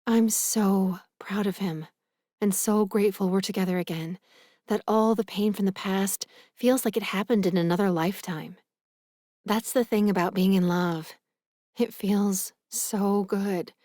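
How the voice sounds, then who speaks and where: A woman narrating a romance audiobook in the first person, earnest and gentle. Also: mid-range voice, fairly even intonation, a little slow, dry recording, studio quality.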